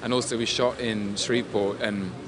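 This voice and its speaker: A man's voice: fairly low pitch, steady tone, normal speed. A British man, an actor, chatting animatedly in an interview at a premiere, laughing and restarting his sentences as he talks. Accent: British English. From Britain. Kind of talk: red carpet interview. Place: outdoors at a busy premiere. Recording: loud crowd behind. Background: crowd noise.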